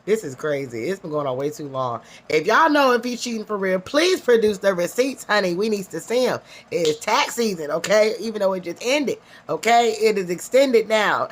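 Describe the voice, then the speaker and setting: A woman's voice: mid-range voice, expressive, normal speed, hardly any pauses. A young woman recapping a reality show in casual, sassy commentary, peppering her talk with "honey" and "okay?". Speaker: reality TV reviewer.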